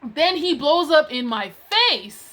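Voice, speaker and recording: Woman, casual storytime rant, exasperated, animated, slightly high voice. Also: slow. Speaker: vlogger telling a work story.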